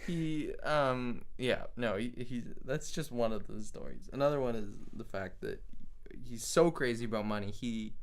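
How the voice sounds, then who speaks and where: A man's voice: mid-range voice, normal speed. A man casually telling a funny family story to a friend, laughing often as he goes. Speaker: podcast co-host.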